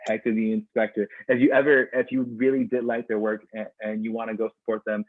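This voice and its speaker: Guy hosting a poetry slam stream, rambly with lots of ums, lowish voice, sounds like a phone line. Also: little pitch movement, brisk. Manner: rambling, full of fillers and tangents. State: losing his voice. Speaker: slam host. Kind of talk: casual livestream hosting. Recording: dry tinny phone-like sound.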